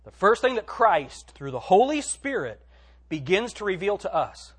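A man preaching a sermon in a church, swinging between hushed, drawn-out phrases and loud emphatic lines. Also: sits high, sing-song, breathy edge. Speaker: pastor.

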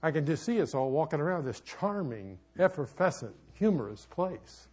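Husky-voiced preacher telling an animated story. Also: male voice, a little high, normal speed, few pauses. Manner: animated storytelling with sudden shouts and asides. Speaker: pastor and marriage counselor. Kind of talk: sermon with a personal story. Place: church.

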